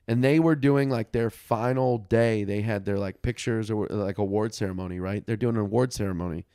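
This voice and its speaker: A man's voice: fairly low pitch, a little fast, smooth, dry recording, clean studio sound. A man co-hosting a podcast, telling a family story in casual, profane chat and acting out what people said. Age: young adult or 30s, a father. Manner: profane, animated storyteller who acts out quotes. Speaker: podcast co-host.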